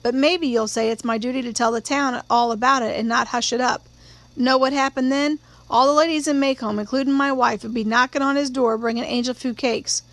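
A woman's voice: a little high, fairly even intonation, fairly quick, lightly acted. A woman voicing a blunt, stubborn male small-town sheriff in his forties who talks in a plain-spoken drawl. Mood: earnest.

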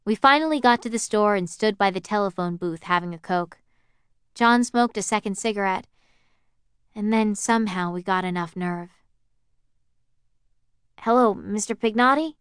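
A woman narrating an audiobook in the first person, with a smooth, clear voice. She reads at an even, measured pace. The sound is dry and close. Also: mid-range voice, no echo.

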